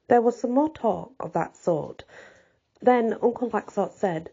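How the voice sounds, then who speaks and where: A woman reads a classic novel aloud in a measured, old-fashioned storytelling manner. Her voice is very dark and mellow with a husky grain. The recording is dull and lo-fi. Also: on the low side, animated. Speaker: audiobook reader. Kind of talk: scripted narration.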